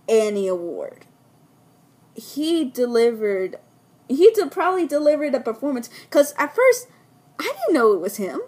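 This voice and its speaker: Woman, slightly high voice, going hoarse, rambling, eager film reviewer. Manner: enthusiastic, rambling with frequent restarts. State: losing her voice. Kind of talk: casual spoken film review.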